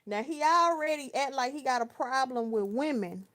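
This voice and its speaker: A woman of around thirty from Texas chats casually on a livestream, her voice high, expressive, and fairly bright at a moderate pace. She tells stories in slang and reads viewer comments, answering people by name.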